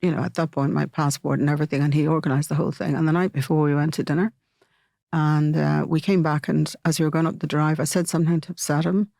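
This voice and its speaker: A middle-aged woman, an interview guest telling a personal story in a halting way, with many fillers and restarts. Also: sits low, fairly even intonation, gravelly, warm tone, no room sound, clean studio sound.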